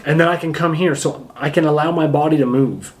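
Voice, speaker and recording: A man coaches actors in a casual talk to camera, speaking with energy and emphasis. He punctuates his points with physical demonstrations. His voice sits a little high for a man. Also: fairly quick. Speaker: acting coach.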